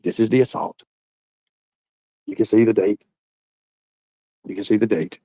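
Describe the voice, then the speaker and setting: A man hosting a casual livestream, rambling loudly and cursing as he chats with his viewers. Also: lowish voice, unhurried, no room sound, low-quality recording. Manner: rambling, loud, profane banter with viewers. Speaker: livestream host.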